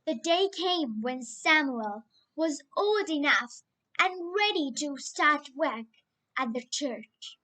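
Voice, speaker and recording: Woman storyteller, very high voice, bright tone, slow and lively. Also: low-quality recording. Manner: slow, lively, expressive reading. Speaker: children's radio storyteller. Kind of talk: storybook reading with character voices.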